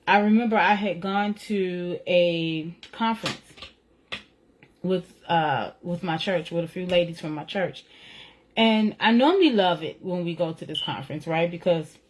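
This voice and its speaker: Woman, slightly low voice, earnest conversational faith testimony, reflective and personal. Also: a little hiss or hum. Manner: earnest, conversational, often says "right?" and "you know"; reflective, retelling feelings with rising emotion. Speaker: author sharing a personal testimony. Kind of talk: casual faith talk.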